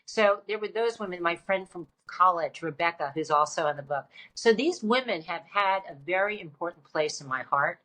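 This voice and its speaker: Middle-aged lady author, low voice, lively and emphatic, keeps restarting sentences. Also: normal speed, hardly any pauses. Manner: animated, emphatic storyteller with frequent restarts. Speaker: guest author. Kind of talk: conversational interview.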